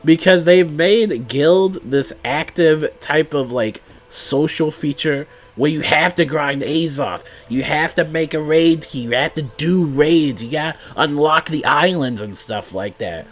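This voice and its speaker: A man's voice: a little high, unhurried, few pauses, faint music behind. Congested man ranting about a game. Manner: exasperated, repeating himself. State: congested from a cold. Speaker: gaming YouTuber. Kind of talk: casual rant to camera.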